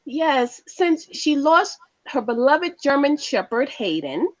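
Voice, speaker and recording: A woman co-hosting a casual talk show, reading out a news story in a lively way and filling the talk with agreeing interjections. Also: sits high, slow pace, highs cut off.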